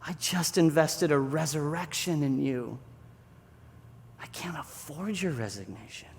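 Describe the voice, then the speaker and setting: A pastor voicing a patient grown man teacher who answers with gentle, incredulous reassurance. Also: a little high, very animated, a little slow, big-room sound, a little hiss or hum.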